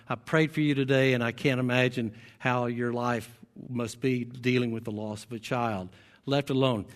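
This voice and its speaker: A man's voice: medium pitch, big-room sound. A man preaching a sermon as pastor. He tells stories in between and builds to emphatic exhortation. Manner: storytelling, rising to emphatic preaching.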